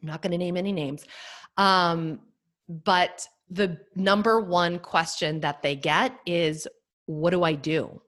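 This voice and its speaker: Candid, animated woman podcaster. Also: fairly low pitch, slow pace. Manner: candid, animated, uses many fillers. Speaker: podcast host and nutrition practitioner. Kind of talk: solo podcast monologue.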